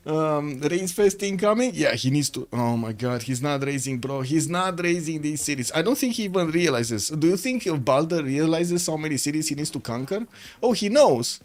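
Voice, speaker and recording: A man's voice: a little high, expressive, normal speed. A man giving live-stream commentary on a strategy game, chatty and playful, laughing often and talking to his chat from indoors.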